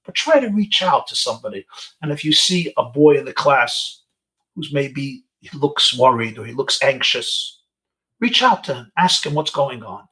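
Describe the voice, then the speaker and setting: A man's voice: medium pitch, animated, normal speed, pushed and bright. A man, a rabbi, giving an inspirational talk to teenagers over a webinar, telling stories sprinkled with Yiddish and Hebrew phrases. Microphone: webinar video call.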